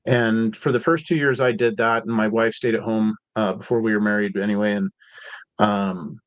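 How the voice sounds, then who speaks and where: A laid-back guest from Seattle, USA, shares casual stories on a podcast, his slang heavy with "like" and "dude." His fairly low voice stays steady at a moderate pace. The audio is dry, dull and free of room sound.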